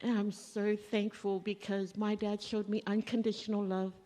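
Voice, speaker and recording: Woman, eulogy at a family service, conversational storyteller, mid-pitched, long church reverb. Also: level tone, moderate pace, warm tone. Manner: conversational storytelling, acting out remembered dialogue. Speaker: daughter giving a eulogy.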